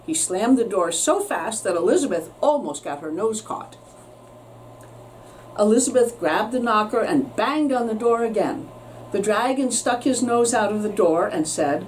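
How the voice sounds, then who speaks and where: A woman teacher reading a children's story aloud with expressive storytelling, recorded with a distant mic and faint noise. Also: mid-range voice, normal speed.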